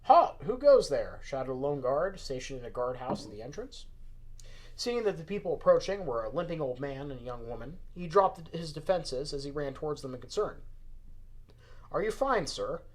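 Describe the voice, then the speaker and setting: A young Southern-accented man, co-hosting a podcast, reads a story aloud and banters between lines. His mid-range voice is animated and brisk, and he comes across as chatty, self-deprecating and a bit tipsy.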